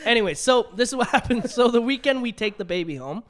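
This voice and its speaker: A man's voice: very high-pitched, fast. A young man in his twenties co-hosting a casual podcast, telling stories animatedly with lots of laughter. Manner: animated storytelling with frequent laughter. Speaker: podcast co-host. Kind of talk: casual chat.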